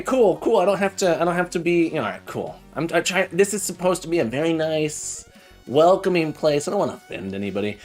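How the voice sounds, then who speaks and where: A man's voice: on the high side, animated, soft background music. Friendly man thinking aloud while coding. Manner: halting, full of fillers and restarts; friendly, chatty with viewers. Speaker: live coding streamer.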